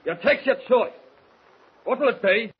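A menacing mutineer ringleader, barking threats in coarse grammar. His voice sits high, coming through a muffled 1940s radio broadcast with faint hiss. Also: normal speed. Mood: commanding. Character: menacing English mutineer ringleader, gruff man.

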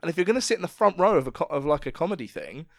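A man's voice: on the high side, very animated, rapid-fire, no echo, studio quality. A man co-hosting a podcast, telling a story in casual chat, swearing freely and acting out the quotes. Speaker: podcast co-host.

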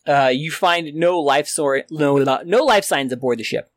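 A man running a sci-fi tabletop game as game master, describing scenes in a relaxed, hesitant way. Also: on the high side, moderate pace, no room sound, studio quality.

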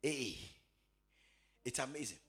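A man preaching a sermon who repeats his phrases and swings from quiet asides to shouted, sing-song proclamation. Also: medium pitch, animated, slow, breathy edge.

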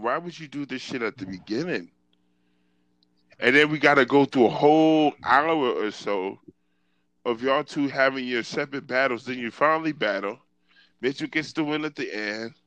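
A man's voice: mid-range voice, pushed and bright, no echo, rough recording. A man co-hosting a podcast, ranting in a heated, profane way in casual chat. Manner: heated, ranting, swears a lot. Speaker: podcast co-host.

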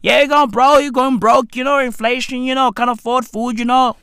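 A man's voice: very high voice, fairly even intonation, normal speed, sharp tone, smooth, dry recording, clean studio sound, heavily acted. A man mimicking a grumbling broke local. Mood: complaining. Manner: mumbling complaint with constant "you know". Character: struggling hard-up Merseyside local, grumbling.

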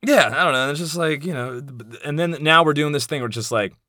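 A man's voice: a little high, brisk, sharp tone, no echo, studio quality. A man in his thirties hosting a podcast in a casual monologue, speaking candidly and bluntly, swearing freely and wandering into asides. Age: 30s. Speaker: podcast host.

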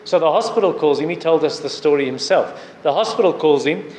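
A man preaching a sermon, earnestly urging prayer and fasting and citing scripture as he goes. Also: fairly high pitch, animated, darkish tone. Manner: earnest, repetitive exhortation with scripture references. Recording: echoey hall with faint background noise.

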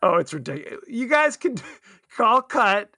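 A man talking through a film with a co-host, playful and laughing through his sentences. His voice is high and bright, and it is recorded dry and close with no room sound. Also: sing-song, moderate pace, dry recording. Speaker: podcast co-host. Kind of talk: casual film chat.

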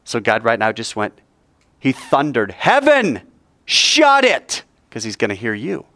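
A man's voice: lowish voice, normal speed, fairly bright tone, no room sound. A man teaching a Bible class, joking and playful with his students.

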